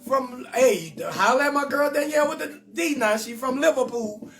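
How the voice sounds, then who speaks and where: High-voiced New man, brash and rambling. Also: animated, normal speed, fairly bright tone, far from the mic. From New Orleans. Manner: brash, rambling, slips into sing-song. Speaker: comedian host of a live call-in show. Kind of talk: live-streamed comedy talk show.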